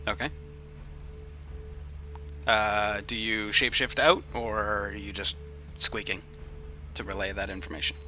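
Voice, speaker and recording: Bright-voiced man running a tabletop game. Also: fairly low pitch, soft background music. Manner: lively, quick asides and laughter. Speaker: game master.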